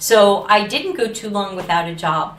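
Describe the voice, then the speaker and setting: A woman's voice: medium pitch, very animated, fast, fairly bright tone, far from the mic, slight background noise. Chatty woman in a roomy space. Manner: chatty, reads out viewer comments. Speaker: co-host of a live Q&A stream. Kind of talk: casual live chat. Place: room in a home, in Luxembourg.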